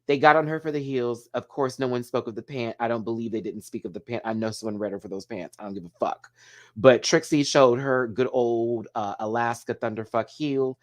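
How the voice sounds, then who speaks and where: A TV show reviewer hosts a casual solo review, his mid-range voice brisk. He's animated and emotional, swears freely, uses drag slang, and rambles with restarts and asides to his viewers.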